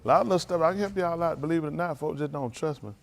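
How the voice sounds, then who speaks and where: A man's voice: fairly high pitch, very fast, vocal fry. A man, a preacher bantering and joking with his congregation in a casual, folksy way. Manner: folksy, joking, calls out to the crowd.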